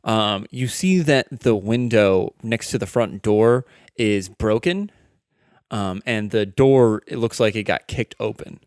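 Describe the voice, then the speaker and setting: A man's voice: lowish voice, takes it slowly, clean tone, no echo, studio quality. A man acting as dungeon master, narrating a tabletop game in a casual, filler-heavy way.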